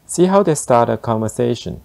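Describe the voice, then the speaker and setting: A man teaching beginner German phrases, explaining slowly and deliberately. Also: mid-range voice, lively intonation, creaky, darkish tone. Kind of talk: beginner language lesson.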